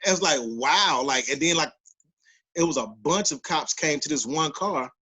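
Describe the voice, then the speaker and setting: A man, co-hosting a podcast and telling a personal story in a casual, animated way, loudly acting out the voices of the people he quotes. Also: fairly high pitch, normal speed, breathy edge, rough recording. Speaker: podcast co-host.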